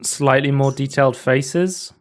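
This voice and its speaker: A man's voice: medium pitch, fairly even intonation, a little slow. A man co-hosting a casual podcast, chatting loosely about game demos with lots of fillers. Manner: rambling, lots of fillers and likes. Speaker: podcast co-host.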